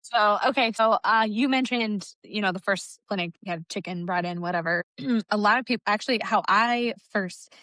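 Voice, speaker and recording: A woman's voice: mid-range voice, moderate pace, fairly bright tone, no echo, poor audio. Woman host asking questions. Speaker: podcast host. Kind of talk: conversational interview questions.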